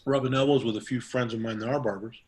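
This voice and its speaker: A man's voice: medium pitch, steady tone, fast talker. A middle-aged man, a barber, telling stories in a casual interview, rambling with many fillers and restarts and acting out quoted dialogue. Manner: acts out quoted dialogue in a raised voice. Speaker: guest barber.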